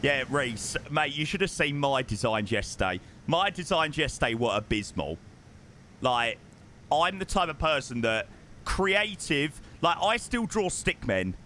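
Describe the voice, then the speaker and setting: A man's voice: a little high, very animated, measured pace, pushed and bright, slight background noise. A young man streaming a flight sim, chatting casually with his chat and calling people mate, his voice strained because he is losing it.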